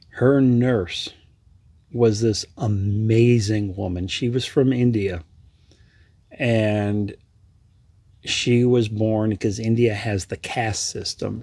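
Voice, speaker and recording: A man vlogging, telling a personal story in a reflective, halting way with restarts. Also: lowish voice, darkish tone, breathy edge, no room sound. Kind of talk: casual storytelling.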